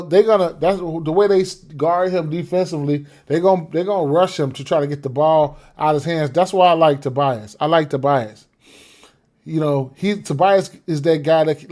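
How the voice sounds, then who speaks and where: A man's voice: on the high side, steady tone, fairly quick, mellow. Rambling man talking sports bets. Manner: rambling, repeats himself, frequent fillers and "right?" check-ins. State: has the hiccups. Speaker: sports betting podcaster. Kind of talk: casual betting analysis talk.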